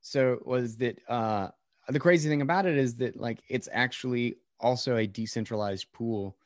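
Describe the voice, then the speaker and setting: A man's voice: mid-range voice, moderate pace, dry recording, clean studio sound. A man hosting a casual podcast chat, rambling with many fillers and restarts.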